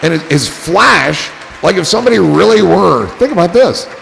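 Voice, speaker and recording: Gravelly, joking man hosting a stream. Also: high voice, expressive, moderate pace, a bit bright, long reverb tail, a faint crowd, slight background noise. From New Jersey. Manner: rambling, joking, profane. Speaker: livestream host reading chat. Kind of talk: casual chat.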